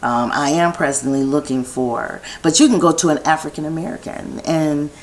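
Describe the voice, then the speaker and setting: A woman's voice: low voice, moderate pace, a little hiss or hum, rough recording. A woman vlogger talking in a meandering personal monologue from her home set, restarting her thoughts and drifting into chatty asides.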